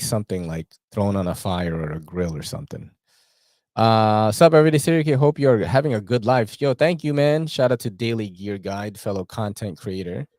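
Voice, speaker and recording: A man's voice: on the low side, darkish tone, no echo, studio quality. A man hosting a casual livestream chat, slangy and full of fillers and swearing. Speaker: host.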